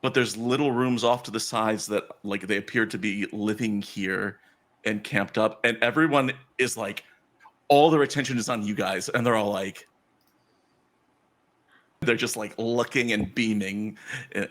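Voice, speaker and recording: A man's voice: on the low side, steady tone, normal speed, a bit bright. A man running a tabletop game as game master, narrating loosely with lots of "like" and restarts.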